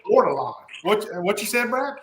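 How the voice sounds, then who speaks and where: Podcast host, forties, Cajun Louisiana man: high, bright voice, animated yarn-spinner, roomy echo. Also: moderate pace, a loud crowd. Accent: South Louisiana Cajun. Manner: animated storyteller, laughs often. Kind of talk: casual chat. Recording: echoey room.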